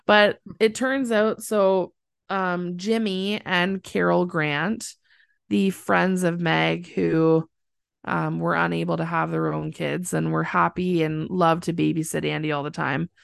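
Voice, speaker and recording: Gravelly low woman co-host. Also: little pitch movement, slow, no echo, clean studio sound. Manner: soft-spoken, hesitant with many fillers. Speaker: podcast co-host. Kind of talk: casual chat recapping a TV episode.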